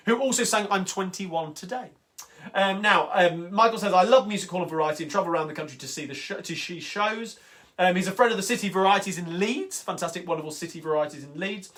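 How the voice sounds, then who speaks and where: A man hosts a singalong livestream on a home livestream mic, chatting casually and eagerly between songs with plenty of ums and uhs. His voice sits high with a fairly bright tone, and guitar music sounds close behind it.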